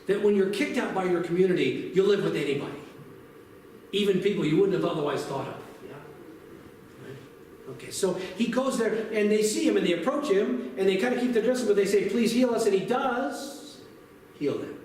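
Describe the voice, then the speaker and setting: A man preaching a sermon to his congregation in a lively, conversational way, asking them questions as he goes. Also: sits high, distant mic, a little hiss or hum. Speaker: pastor. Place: church sanctuary. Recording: very echoey church recorded from afar.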